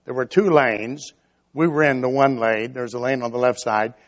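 A man's voice: mid-range voice, fairly even intonation, moderate pace, muffled recording. An older man preaching a sermon in a folksy storytelling manner, acting out little quoted lines along the way.

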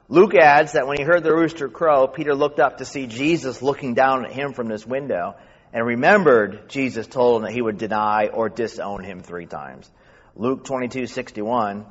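A man from New York with a faint New York accent, a pastor preaching fast and reading scripture. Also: mid-range voice. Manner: talks fast. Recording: echoey hall, dull sound.

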